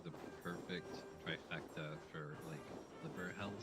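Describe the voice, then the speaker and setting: An American man telling stories in animated casual chat, getting defensive when teased. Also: extremely low pitch, a little slow, slightly rough, soft background music. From United States.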